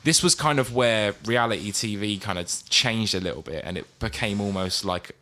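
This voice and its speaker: A man co-hosting a casual podcast chat, talking in an animated way, swearing freely and laughing often. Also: lowish voice, normal speed, slight background noise. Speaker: podcast co-host.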